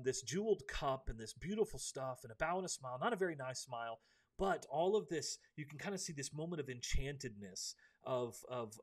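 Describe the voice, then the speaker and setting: A man hosting a live faith-based book discussion, earnest and preachy, with many ums and restarts. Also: mid-range voice.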